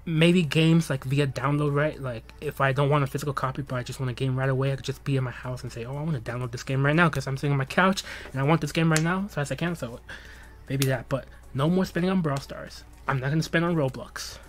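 A young man hosting a livestream, chatting casually and rambling with lots of laughs and jokes. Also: mid-range voice. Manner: rambling, joking, laughs often, drawn-out bits. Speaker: livestream host.

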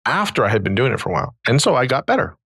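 A man's voice: mid-range voice, rapid-fire, husky, no echo. A man in his forties, a podcast host and therapist, telling a long personal story in casual conversation and acting out the people he quotes. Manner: animated, acts out quoted dialogue.

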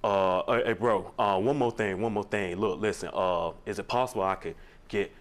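A man doing a low, drawn-out impression of a big brother angling for money, full of hesitant uhs and coaxing asks. The voice sits well below the impressionist's own talk and comes out soft and sly. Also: fairly even intonation, lightly acted. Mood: wheedling. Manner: wheedling, hesitant with many uhs. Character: smooth-talking older brother begging favors.

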